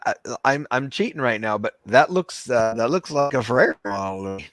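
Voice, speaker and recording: Brief: energetic male educator, direct to viewers, dry mic. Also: mid-range voice, normal speed, dry recording. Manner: enthusiastic, emphatic, addresses listeners directly. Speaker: teacher and co-host. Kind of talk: casual chat.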